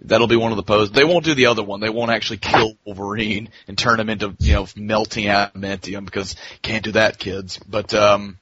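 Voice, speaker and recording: A man with a husky voice chatting casually on a podcast, quick and joking. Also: fairly low pitch, fairly even intonation, background noise. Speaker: podcast co-host. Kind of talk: casual chat. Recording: dull lo-fi sound.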